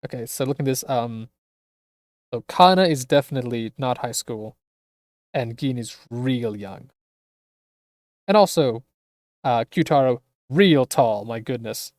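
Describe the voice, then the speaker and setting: A streamer musing through game commentary, thinking aloud and dropping plenty of "like" fillers. The voice sits at an everyday middle pitch, recorded dry and close. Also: animated, a little slow, pauses often, a little mellow, dry recording.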